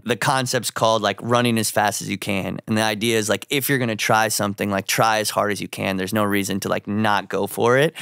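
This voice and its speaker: A man's voice: fairly low pitch, smooth, dry recording, studio quality. A young man, a fashion designer, telling a funny story in casual chat. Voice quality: animated storyteller, acts out quoted voices.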